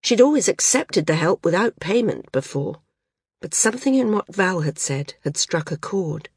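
A woman narrating a novel as an audiobook in a measured storytelling manner. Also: on the low side, sing-song, darkish tone, breathy edge, dry recording, clean studio sound.

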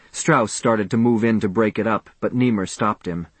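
A man narrating a first-person audiobook in an expressive, measured way. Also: lowish voice, dry recording.

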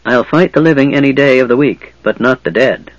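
A man's voice: medium pitch, a little fast, no room sound, highs cut off, natural voice. A man voicing a big warrior who speaks bluntly. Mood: alarmed. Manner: blunt, alarmed. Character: big, alarmed male warrior.

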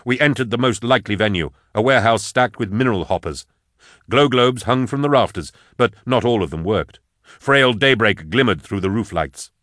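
A man reading a dark first-person fantasy story aloud in a measured, grave storytelling manner. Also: fairly low pitch, dry recording, studio quality. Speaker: narrator. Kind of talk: audiobook narration of dark fantasy fiction.

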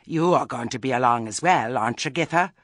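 A man voicing a stern, proud old witch woman in an audiobook, speaking firmly with a husky voice. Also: mid-range voice, a little fast, a bit bright, no echo, clean studio sound, lightly acted.

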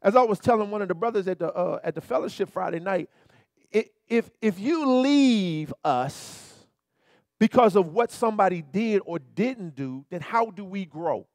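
A man pastor preaching a sermon in an animated, colloquial way, turning often to his listeners with repeated asides. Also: sits high, normal speed, dry recording, studio quality.

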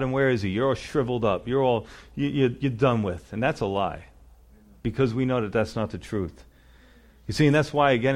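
A man preaching a sermon, earnest and emphatic, often adding "you know" and "you see". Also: mid-range voice. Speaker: pastor.

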